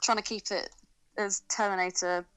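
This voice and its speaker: A woman's voice: medium pitch, fairly even intonation, normal speed, a bit bright, smooth, low-quality recording. A woman co-hosting a casual podcast chat, laughing often and using slang. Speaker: podcast co-host.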